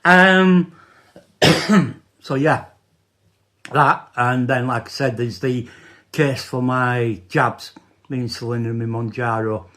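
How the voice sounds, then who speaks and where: A man, talking casually in a personal vlog, halting and repeating words as he goes. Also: medium pitch, a bit bright. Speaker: vlogger.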